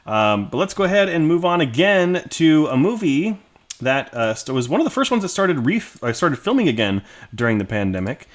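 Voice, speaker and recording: A man's voice: fairly high pitch, moderate pace. Casual male movie podcast co-host. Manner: relaxed, with many fillers and restarts.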